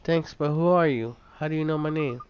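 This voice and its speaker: A man voicing an earnest young boy in a game, soft-spoken and sincere, his pitch a little raised. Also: fairly quick, dull audio, slight background noise, close to an everyday voice. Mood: curious.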